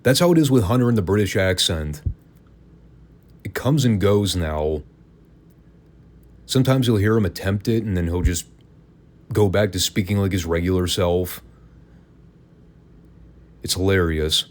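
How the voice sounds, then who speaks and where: A man with a notably deep, low voice hosts a casual podcast review. He talks in an opinionated, sarcastic way, tossing in wry asides as he goes. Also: animated, measured pace, pauses often. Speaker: podcast host. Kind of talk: casual wrestling review commentary.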